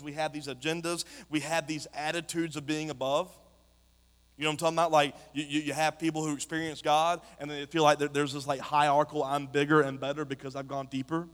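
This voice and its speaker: A man preaching a sermon to a congregation, talking in a passionate way that builds to shouts. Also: on the high side. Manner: impassioned, rising to shouts. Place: church sanctuary. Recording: long hall reverb.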